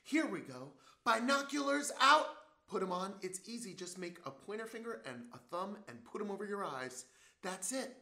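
Animated man leading a kids' music class. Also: sits high, moderate pace. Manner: playful, animated, call-and-response with children. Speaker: children's music teacher. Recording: roomy sound with loud music. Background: drumming and music.

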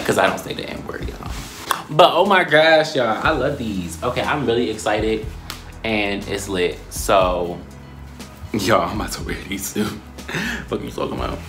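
A young man in a casual vlog, talking in a playful, slangy way and often breaking into high squeals. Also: lively intonation, measured pace, a bit bright, faint music behind. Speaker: YouTuber.

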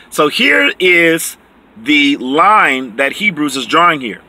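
A man teaching from the Bible, reading verses slowly and explaining them emphatically, often checking in with "okay?". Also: a little high, very animated, pushed and bright. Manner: reads scripture slowly and deliberately.

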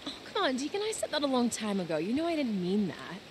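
A woman's voice: fairly high pitch, big pitch swings, fast, background noise. An actress playing a young woman scientist in a video game, wry and teasing, with a dry, easily amused manner. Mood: playful. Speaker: game character. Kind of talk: video game dialogue acting.

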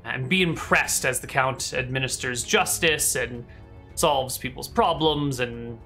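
A man's voice: medium pitch, a little slow, bright, forceful tone, faint music behind. A man narrating a tabletop game as game master, describing scenes casually with many fillers.

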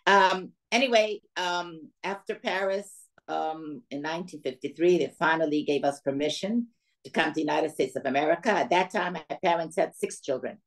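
Addressing a women's audience as a guest speaker, this older Soviet-born woman recounts her life in a deep voice at a moderate pace. Her delivery is lively, and she performs quoted dialogue as she goes.

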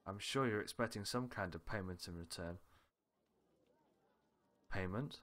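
A man's voice: fairly low pitch, measured pace, long pauses, a bit bright. A man reading aloud every character's lines of a visual novel, switching between characters with small laughs and asides. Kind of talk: reading game dialogue aloud with light character voices.

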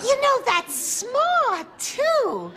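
Shrill, dithering Edith Bunker. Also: female voice, huge pitch swings, exaggerated voice. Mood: flustered. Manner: shrill, halting and scatterbrained. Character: sweet, flustered middle-aged housewife. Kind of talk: 1970s sitcom acting. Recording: old TV tape with loud audience laughter.

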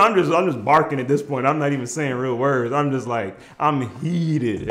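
Animated man telling a comic story. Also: fairly high pitch, normal speed, few pauses. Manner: animated, bursts into shouted quotes; casual slangy talk. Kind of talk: comedic storytelling.

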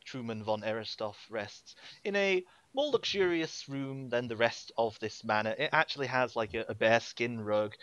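A man's voice: mid-range voice, normal speed, hardly any pauses, a bit bright, no echo, dull audio. A man narrating as game master, rambling through scene descriptions. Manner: rambling, filler-heavy description.

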